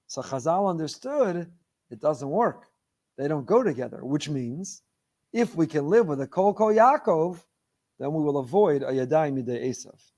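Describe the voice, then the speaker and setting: A man giving a sermon as a rabbi, impassioned and building to near-shouted emphasis, chanting Hebrew verses in a study cadence. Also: high voice, lively intonation, normal speed.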